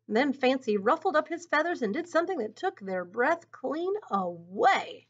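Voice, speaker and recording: A woman reading a picture book aloud in an expressive, teacherly way, pausing to think aloud about the story. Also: sits high, husky. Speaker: storybook reader. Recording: dull lo-fi recording.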